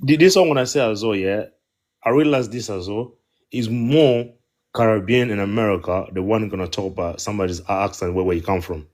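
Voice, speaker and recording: A man's voice: on the low side, brisk, darkish tone. A man on a podcast panel, talking earnestly and quoting others in a mocking tone. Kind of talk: casual debate chat.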